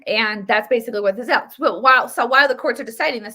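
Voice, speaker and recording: A woman's voice: mid-range voice, quick pace, few pauses, sharp tone. A woman hosting a casual political commentary show, talking in a chatty, opinionated way with many fillers and restarts. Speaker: host.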